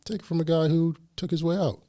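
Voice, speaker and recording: A man's voice: a little high, quick pace. A man hosting a casual podcast chat, telling stories and acting out the voices of the people in them. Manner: animated storyteller, acts out quoted voices. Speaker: podcast host.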